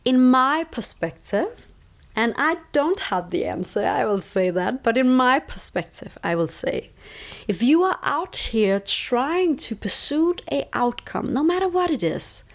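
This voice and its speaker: With a high, very animated voice and an unhurried delivery, a Danish-accented woman explains her views on stress in an interview. Originally from Denmark with Danish as her first language, she talks reflectively and drives points home by repeating words.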